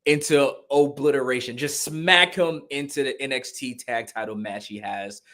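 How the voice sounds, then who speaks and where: A man co-hosting a casual wrestling podcast, excitable and jokey, rambling with slang and restarts. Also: medium pitch, moderate pace. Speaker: podcast co-host.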